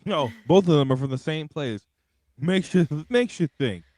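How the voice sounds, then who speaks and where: A man's voice: fairly high pitch, moderate pace, crowd noise. A young man, co-hosting a wrestling show in casual, profane, rambling chat. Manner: animated, profane, rambling with restarts. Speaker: wrestling podcast co-host.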